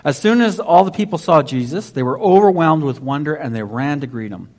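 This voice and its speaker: A man's voice: mid-range voice, moderate pace, hardly any pauses, a little mellow. A man preaching a sermon in a conversational way, often restarting and saying "basically". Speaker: pastor.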